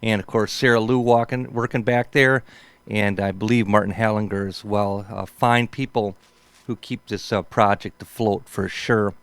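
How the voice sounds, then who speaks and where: Fifties male host, relaxed storyteller, deep-ish resonant tone, dry recording. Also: moderate pace, smooth, no echo. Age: 50s. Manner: laid-back, peppered with "man" and "for sure". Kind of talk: rambling casual storytelling.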